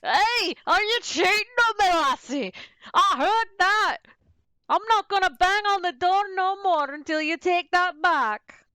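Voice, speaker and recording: A woman's voice: very high-pitched, expressive, a little slow, bright, forceful tone, no room sound, voice pushed up, heavily acted. A woman voicing a needy, sulky undead male companion who calls his friend "lassie". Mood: jealous. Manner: sulky, guilt-tripping.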